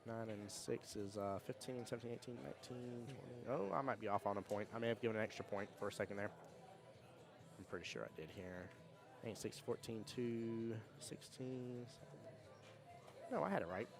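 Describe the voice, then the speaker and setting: Music plays behind a medium-pitched man hosting a pool tournament stream. Casual and rambling, he tells stories fast, reads out live chat comments, restarts often and laughs.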